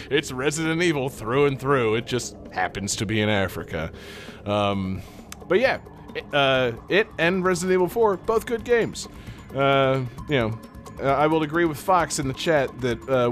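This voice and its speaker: A man's voice: mid-range voice, a bit bright. Male co-host, loose rambly game talk, full of fillers and laughs, faint music underneath. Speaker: podcast co-host. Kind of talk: casual chat about video games.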